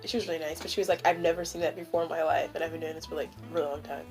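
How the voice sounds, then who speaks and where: A woman's voice: sits low, flat delivery, very fast, over music. A young woman hosting a casual chat with a friend, rambling with lots of fillers and frequent giggles. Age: young adult. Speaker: channel host. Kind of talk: casual chat during a stoned mukbang.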